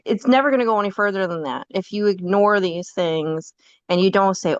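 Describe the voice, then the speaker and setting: A woman's voice: medium pitch, lively intonation, normal speed, dry recording, muffled recording. A woman podcast guest in casual chat, telling a personal story candidly and often laughing.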